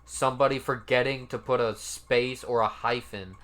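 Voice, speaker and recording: A commentary YouTuber reads out comments and reacts in a casual, laid-back way, cursing now and then and sounding mildly incredulous. His voice is mid-range and fairly bright, with fairly even intonation at a normal speed.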